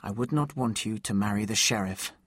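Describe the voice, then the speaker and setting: A man voicing Robin, a calm male outlaw leader, speaking softly in a storybook reading. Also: fairly low pitch, fairly quick, breathy edge, no echo, clean studio sound. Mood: tender.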